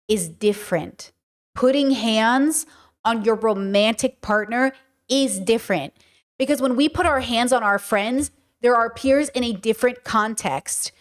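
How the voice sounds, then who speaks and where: A woman host giving casual commentary and telling a personal story in an animated, profane, conversational way. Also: on the high side, a little slow. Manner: animated, profane, conversational, reads chat aloud.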